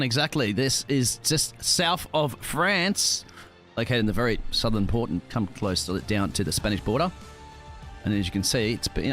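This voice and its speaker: Race co-commentator with music behind. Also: male voice, medium pitch, a bit bright. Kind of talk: sim racing broadcast commentary.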